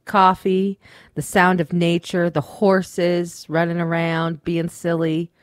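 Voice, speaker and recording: A woman's voice: on the low side, completely flat delivery, slow, clear, resonant tone, no room sound. Chatty woman radio host, dry mic. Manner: chatty storyteller, swears freely, acts out quotes. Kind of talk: casual chat.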